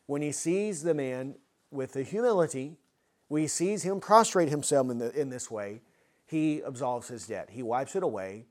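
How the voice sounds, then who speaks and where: A man's voice: medium pitch, a little mellow. A man preaching an expository sermon, earnest and full of rhetorical questions.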